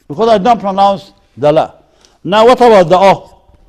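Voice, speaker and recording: A man lecturing at a university, deliberately drilling example words one by one. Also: sits high, animated, darkish tone. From Sudan.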